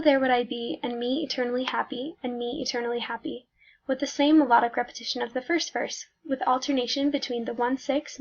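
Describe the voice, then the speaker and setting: High-voiced woman reading a music analysis. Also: gravelly. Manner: careful, measured reading with slight slips. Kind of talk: read academic music analysis. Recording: dull lo-fi recording.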